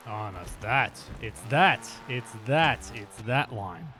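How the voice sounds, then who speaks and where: A man streaming a motorbike game live, chatting excitedly to his viewers while he plays. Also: medium pitch, slow, slight background noise. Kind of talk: live-streamed gameplay chat.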